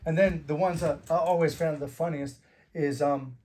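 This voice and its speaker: A man's voice: on the high side, fairly even intonation, normal speed, dark tone. A middle-aged Australian man, a former fighter, telling door stories in casual interview talk and swearing freely. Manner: swears freely, acts out quarrels in anecdotes. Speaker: guest, former fighter and bouncer.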